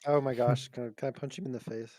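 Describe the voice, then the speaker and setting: A man with a mid-pitched voice plays his turn in a casual tabletop role-playing game. He jumps in with quick, excitable reactions. The recording is dry, with no room sound. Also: no room sound. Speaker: player.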